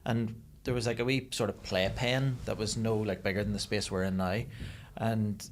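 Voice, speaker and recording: A man's voice: fairly low pitch, steady tone, normal speed, slight background noise. A man, a podcast guest telling earnest stories with some swearing. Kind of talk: casual chat.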